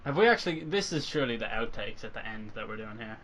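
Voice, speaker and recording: A man's voice: fairly low pitch, animated, fast, a crowd in the background. A man co-hosting a podcast in dry, teasing casual chat. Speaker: podcast co-host.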